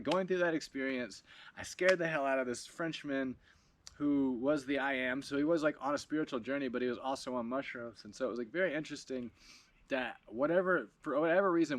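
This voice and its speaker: An animated man telling a story in a casual video log. He laughs often and swears freely as he talks. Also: mid-range voice. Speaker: video blogger.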